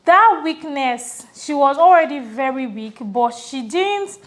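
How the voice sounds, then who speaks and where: A Nigerian woman co-hosting a podcast, telling a personal story in a reflective, earnest way that often trails off softly. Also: high voice, lively intonation, takes it slowly. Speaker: podcast co-host. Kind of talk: casual conversational storytelling.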